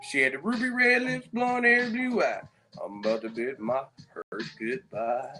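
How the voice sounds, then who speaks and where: A man's voice: mid-range voice, fairly even intonation, normal speed, faint music behind, close to an everyday voice. A man voicing a heartbroken male country singer, crooning with a drawling twang. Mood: mock crooning.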